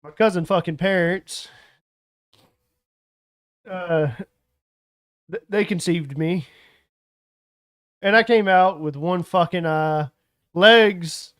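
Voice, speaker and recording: A man speaks as a player in a tabletop game, crude and rambling, with plenty of swearing. His voice is high and he talks slowly. The sound is dry. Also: a bit bright, no echo. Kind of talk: in-character tabletop chat.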